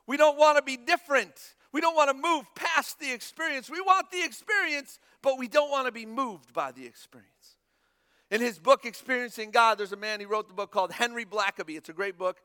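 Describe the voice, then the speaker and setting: A young male pastor preaching a sermon, animated, acting out the Bible dialogue in shifting voices. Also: very high voice.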